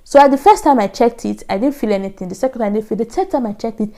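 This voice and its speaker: Nigerian woman telling her story, mellow voice. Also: on the high side, expressive, very fast. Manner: earnest storytelling, acts out her own past thoughts in soft asides. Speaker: vlogger. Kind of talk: casual storytelling to camera.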